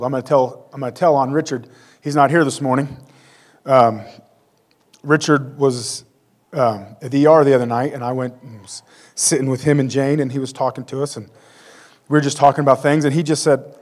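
A man's voice: medium pitch, steady tone, fairly quick. A man in his forties preaching a conversational sermon with self-deprecating humor. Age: 40s. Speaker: pastor.

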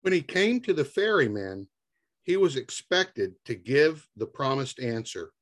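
A man reading a fairy tale aloud in a lively storytelling manner. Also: medium pitch, a little slow. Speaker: reader.

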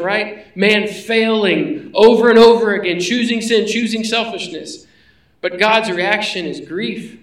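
A man's voice: high-pitched, a bit bright, echoey room, distant mic, poor audio. A man preaching a sermon in a conversational way, asking his listeners rhetorical questions. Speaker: pastor.

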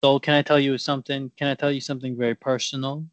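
Dude playing a pushy rambling fruit scientist, dull dry lofi sound. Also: male voice, mid-range voice, level tone, rapid-fire, no echo, lightly acted. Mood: heated. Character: brash male fruit-growing scientist. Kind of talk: improv comedy sketch.

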